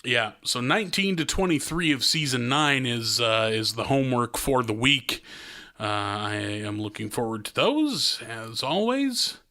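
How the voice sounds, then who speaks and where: A man in his thirties co-hosting a casual podcast chat, excitable, swearing and laughing a lot. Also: mid-range voice, unhurried. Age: 30s. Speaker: podcast co-host.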